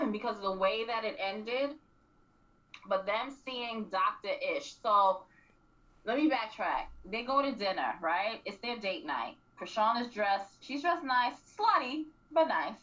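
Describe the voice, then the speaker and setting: A woman co-hosting a radio show, animatedly recapping a reality series and acting out quotes with frequent throat clearing. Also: mid-range voice, sing-song, measured pace, pushed and bright. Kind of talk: casual recap chat. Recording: distant, dull lo-fi radio mic.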